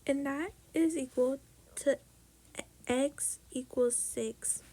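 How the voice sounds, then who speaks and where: A young woman's high, mellow voice, fairly even in intonation and slow, carries a little hiss or hum. Tutoring math casually on a tablet, she is chatty and profane and keeps slipping into whispers during calculations.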